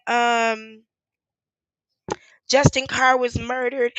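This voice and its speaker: A woman's voice: sits high, level tone, takes it slowly, fairly bright tone, no room sound, rough recording. A woman hosting a casual live stream as an activist, talking candidly and emotionally, swearing freely and laughing often. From Charlotte, USA. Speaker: livestream host and activist.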